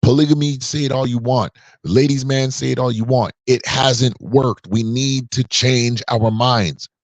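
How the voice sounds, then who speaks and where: A man's voice: mid-range voice, fairly even intonation, a little slow, no echo. A man around forty giving an emphatic, preachy opinion monologue on a podcast. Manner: emphatic and preachy, drawing out key words. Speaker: podcast commentator.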